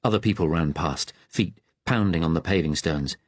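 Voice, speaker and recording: A man narrates an audiobook in a measured, tense storytelling manner. His voice sits low with a husky edge. The recording is dry and close. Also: no echo.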